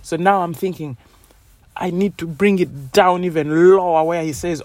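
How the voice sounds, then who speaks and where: A woman's voice: lowish voice, moderate pace, darkish tone, dry recording. Chatty woman, dry sound. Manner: chatty, rambling, many "you know"s. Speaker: podcast host. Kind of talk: casual motivational monologue.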